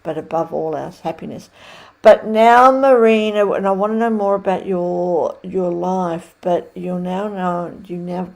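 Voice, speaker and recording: A woman's voice: fairly low pitch, fairly even intonation, measured pace, creaky, a little mellow. A woman hosting an interview, effusive and rambling, with many restarts. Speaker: host.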